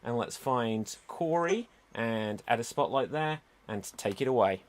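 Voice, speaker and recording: Over a video call, a man hosts an online improv show, announcing rounds and votes in a brisk, upbeat way. His voice is medium-pitched and animated.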